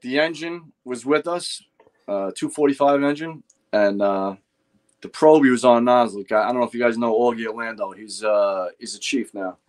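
A man's voice: medium pitch, normal speed. Profane New York storyteller, older man. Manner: profane, animated anecdotes with acted-out quotes. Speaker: guest, retired fire lieutenant. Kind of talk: casual storytelling chat.

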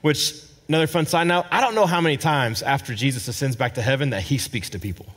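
A male pastor preaching a sermon at a church service. He swings dramatically between loud emphasis and hushed, low asides, sometimes repeating words as he searches for a phrase. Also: quick pace. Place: church service with a responding congregation.

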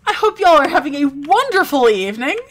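A woman's voice: sits high, very animated, fairly quick, soft background music. A young woman streaming a game live, chatting casually and reading game text aloud playfully.

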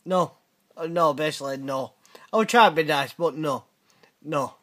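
A man's voice: fairly high pitch, normal speed, a bit bright. A middle-aged British man hosting a casual reaction video, blunt and sweary with teasing banter. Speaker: channel host reacting to viewer messages.

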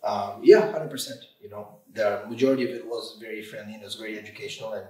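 A man who owns an auto repair shop, talking as a guest on a podcast interview in an emphatic, animated way and leaning often on "you know" and "literally". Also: fairly low pitch, fast talker. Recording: roomy sound from a distant mic.

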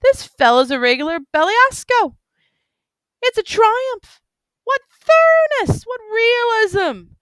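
A woman reading a novel aloud, voicing an excitable, drunk, stout middle-aged man in big spectacles who talks insistently and rambles. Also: very high voice, slow, no room sound, pitched above the performer's own voice, exaggerated voice. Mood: excited.

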